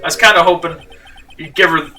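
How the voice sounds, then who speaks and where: Brief: earnest, pleading detective read by a man, bright voice, distant mic with game music. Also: a little high, fairly quick, slight background noise. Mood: eager. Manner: eager, pleading. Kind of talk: reading game dialogue aloud.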